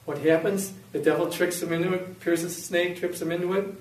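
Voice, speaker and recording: High-voiced man telling a story in an echoey room. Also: normal speed, far from the mic. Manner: animated storyteller, acts out quotes. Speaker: speaker giving a faith testimony. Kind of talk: storytelling talk.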